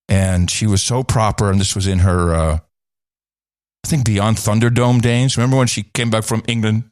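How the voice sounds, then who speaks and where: A middle-aged man co-hosting a podcast, telling stories in lively casual chat with many restarts. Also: fairly low pitch, brisk, dry recording, studio quality. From Netherlands. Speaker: podcast co-host.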